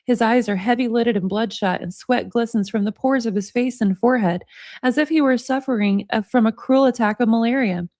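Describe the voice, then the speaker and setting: A woman's voice: on the high side, fairly quick, a little mellow, no room sound, clean studio sound. A woman hosting a livestream, reading a book aloud expressively, with chatty asides to her viewers. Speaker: livestream host. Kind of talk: book reading with casual chat.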